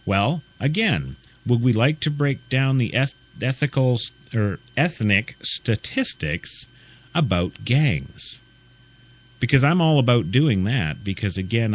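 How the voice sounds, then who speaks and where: Male talk radio host, low voice that swings widely, indignant and sarcastic ranting. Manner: indignant, sarcastic, rhetorical questions. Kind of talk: ranting opinion commentary.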